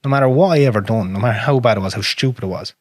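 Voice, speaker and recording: An Irish man hosting a podcast, talking frankly and with plenty of swearing, his voice sinking low and quiet on hard memories. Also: rapid-fire, no room sound, studio quality. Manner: frank and profane, drops to a near whisper on painful memories. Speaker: podcast host. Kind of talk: casual conversation.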